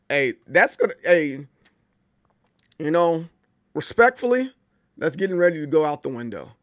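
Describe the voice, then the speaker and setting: A man's voice: fairly high pitch, dry recording. A man hosting a livestream, chatting casually and animatedly, with many stammered restarts and bursts of mock outrage. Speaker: livestream host.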